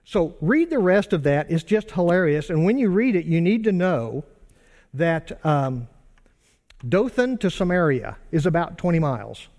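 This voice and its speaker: A man's voice: a little high, very animated, measured pace, a little mellow, long reverb tail. A man preaching a sermon in a conversational way, asking rhetorical questions and answering them himself. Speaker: pastor.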